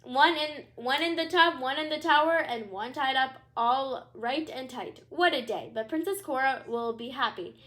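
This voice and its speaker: A woman's voice: high-pitched, moderate pace, hardly any pauses, a bit bright. A woman putting on a gleeful greedy crocodile. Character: greedy boastful male crocodile.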